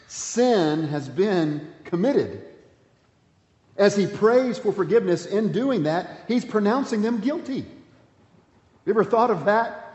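A man pastor preaching a sermon, swinging between emphatic points and hushed, quiet passages. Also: high voice. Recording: echoey hall, dull sound.

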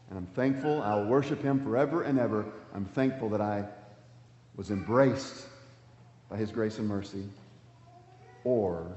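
A man preaching a sermon, with emphatic delivery that swings between loud calls and hushed words. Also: medium pitch, a little hiss or hum. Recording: dull, echoey hall sound.

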